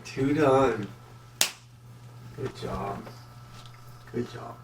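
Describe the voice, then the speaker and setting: A woman speaking as the vlogger's partner, softly giving encouraging praise from off-mic. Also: very deep voice, very slow, background noise. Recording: roomy, distant and off-mic.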